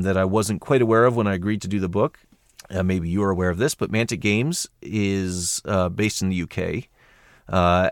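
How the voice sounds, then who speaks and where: An American man chatting casually on a podcast, his voice sitting on the low side. He rambles, stacking fillers and false starts as he thinks aloud. The sound is close and dry with no room around it. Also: no room sound. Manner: rambling, lots of fillers and restarts. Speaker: audiobook narrator guest.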